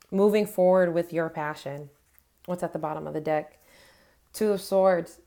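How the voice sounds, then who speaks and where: A woman with a slightly low voice gives a tarot reading to camera. She speaks earnestly and with feeling, offering encouragement and affirmations directly to her viewers. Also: measured pace, mellow. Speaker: tarot reader.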